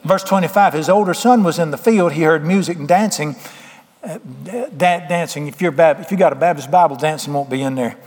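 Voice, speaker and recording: A man's voice: on the high side, fairly quick, darkish tone, big-room sound. A man preaching a sermon, folksy, plain-spoken and emphatic with homespun sayings. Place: church sanctuary.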